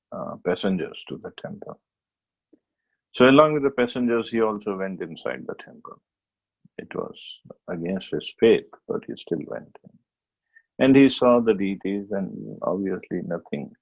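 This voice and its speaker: A man giving a devotional scripture class, telling a story plainly with many pauses and restarts. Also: on the low side, darkish tone, breathy edge, lo-fi sound.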